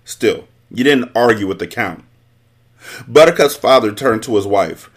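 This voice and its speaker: A man hosting a book podcast, reading a novel aloud with expressive, animated storytelling. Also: on the low side, measured pace.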